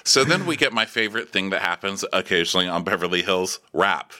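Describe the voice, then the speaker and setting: A man's voice: sits low, lively intonation, a little fast, sharp tone. A man co-hosting a podcast, recapping a reality show in a sarcastic, joking way. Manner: sarcastic, jumps into mocking voices. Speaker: podcast co-host. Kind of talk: casual recap chat.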